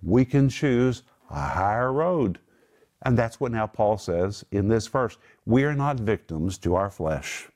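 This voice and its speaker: A man leads a Bible teaching in a small group, his voice sitting a little low. He speaks emphatically and breaks each word down one at a time. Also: lively intonation, a little slow, darkish tone. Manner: emphatic, explains words one by one.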